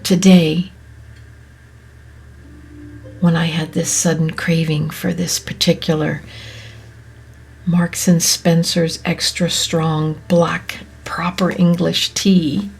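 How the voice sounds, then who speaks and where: A woman hosting a podcast, speaking in a soft, often whispery, reflective way, her voice catching with emotion. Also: fairly low pitch, level tone, slow pace, creaky, breathy edge. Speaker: podcast host. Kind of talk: slow reflective monologue.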